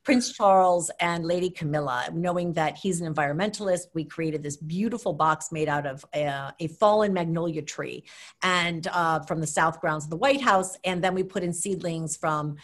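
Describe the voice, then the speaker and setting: An animated woman with a fairly low voice is telling an anecdote in an interview. She jumps in pitch as she acts out the people she quotes, then settles back into her own lower voice. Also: normal speed. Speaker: former government official recounting an event.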